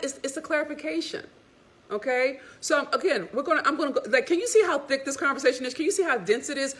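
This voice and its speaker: Woman relationship coach, higher voice, sassy and preachy, casual motivational delivery. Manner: animated, preachy, sassy and frank with curses. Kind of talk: casual motivational talk to women viewers.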